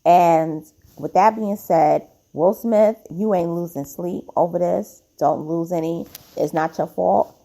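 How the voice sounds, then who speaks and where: A woman's voice: lowish voice, fairly even intonation, slow, creaky, hardly any pauses, dark tone. A woman hosting her own podcast, giving blunt, chatty opinions full of "like" fillers, sounding tired. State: tired, yawning. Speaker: podcast host. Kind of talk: casual opinion commentary.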